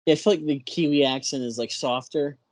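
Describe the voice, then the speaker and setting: A man's voice: a little high, a little fast, no echo. Texan man chatting, searching for words. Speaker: podcast guest. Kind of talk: casual chat.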